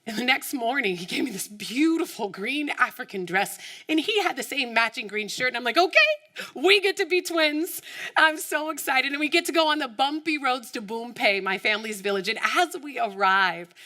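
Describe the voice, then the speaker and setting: A woman from the United States giving an inspirational keynote talk, telling her story with animated storytelling and acting out the voices of the people in it. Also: a little high, a little fast, few pauses. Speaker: keynote speaker.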